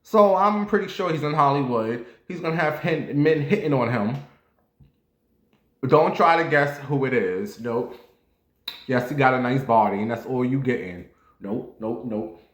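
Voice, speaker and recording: A man's voice: medium pitch, a little slow. A man chatting casually and crudely to his viewers, with sudden jumps up to playful squeals. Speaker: vlogger. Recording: roomy echo.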